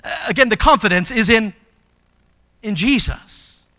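Male pastor, high voice, sermon delivery, emphatic with sharp swings from hushed to loud. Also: animated, a little slow.

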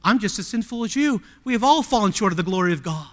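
A male pastor preaching a sermon emphatically, with many rhetorical questions, swinging from loud appeals to hushed tones. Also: sits high, animated, fast, big-room sound.

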